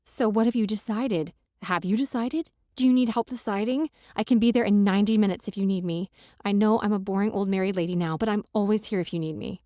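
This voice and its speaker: A woman's voice: mid-range voice, fast talker, dark tone, no room sound, clean studio sound, natural voice. A woman voicing a blunt, protective best friend. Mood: warm, supportive. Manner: blunt, teasing and insistent. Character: protective, wisecracking young married woman friend. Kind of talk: audiobook dialogue reading.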